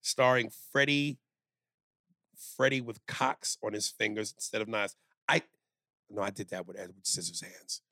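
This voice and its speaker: A man co-hosting a comedy podcast in casual chat, loud and playful, slipping into silly bits. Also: on the low side, moderate pace, pauses often, dry recording. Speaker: podcast co-host.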